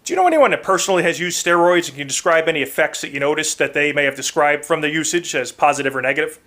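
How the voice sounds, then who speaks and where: A man hosting an interview, asking measured, direct questions. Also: fairly high pitch, animated, fairly bright tone. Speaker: interview host.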